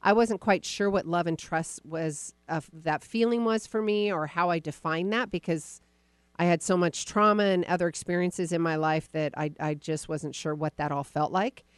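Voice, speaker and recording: A woman podcast host coaching a caller live, encouraging and animated, acting out the caller's inner voice. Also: fairly low pitch, moderate pace, clear, resonant tone, no echo.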